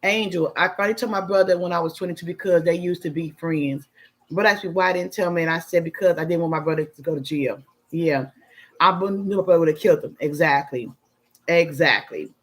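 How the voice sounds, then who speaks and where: Sipping wine on her casual livestream, a middle-aged Chicago-area woman reads out viewer comments and talks with candor and emphasis. She speaks briskly in a voice on the low side.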